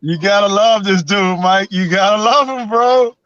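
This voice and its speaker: Man, easygoing stream guest, slightly high voice, muffled lo-fi call. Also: normal speed, fairly bright tone, clear, resonant tone. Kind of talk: casual chat.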